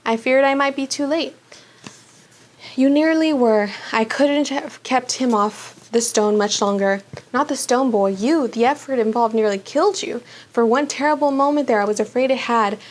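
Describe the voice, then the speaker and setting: A gentle, unhurried old wizard headmaster from a storybook, as a woman reads him aloud. He speaks with calm courtesy and a soft warmth, his voice sitting fairly high. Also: lightly acted. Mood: kindly.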